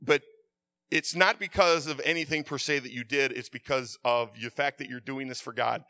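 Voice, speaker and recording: A man preaching a sermon with passion, stammering and repeating words, swinging from hushed confession to loud outbursts. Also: mid-range voice, normal speed, no echo.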